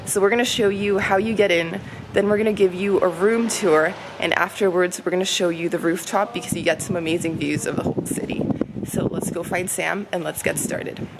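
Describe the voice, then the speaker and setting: A woman's voice: fairly low pitch, steady tone, brisk. A woman hosting a travel vlog, giving chatty, upbeat narration as she walks through an old mansion hotel. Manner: upbeat, chatty tour guiding. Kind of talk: walking room-tour narration. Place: old haveli hotel, stairs and courtyards. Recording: noticeable background noise.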